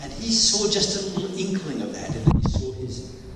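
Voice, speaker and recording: A pastor preaches a sermon in a church hall, telling anecdotes with jokey asides and bursts of mimicry in little voices. His voice is a little high with big pitch swings, and he talks at a normal speed. The recording is very noisy and echoey, with the mic far off.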